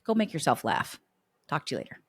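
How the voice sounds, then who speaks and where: Chatty woman podcaster, lowish dry voice. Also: huge pitch swings, a little fast, vocal fry, husky, dry recording. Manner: chatty, warm encouragement with quoted dialogue. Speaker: podcast host. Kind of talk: casual solo podcast talk.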